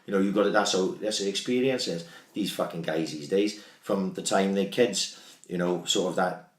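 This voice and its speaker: A man talking bluntly and swearing a lot in a casual podcast chat. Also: low voice. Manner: blunt, fast, sweary talk about football. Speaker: podcast guest. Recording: echoey room.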